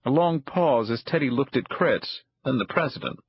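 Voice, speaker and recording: Husky male audiobook narrator. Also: medium pitch, expressive, normal speed, few pauses, muffled recording.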